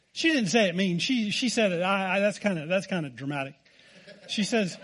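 A man's voice: sits high, moderate pace. A man with an American accent preaching a sermon, telling a folksy, self-deprecating story. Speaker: pastor.

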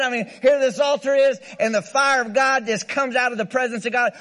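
High-voiced, playful preaching man. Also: a little fast, hardly any pauses, a bit bright. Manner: playful, emphatic preaching with call-and-response and mock laughter. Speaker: guest pastor. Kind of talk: sermon.

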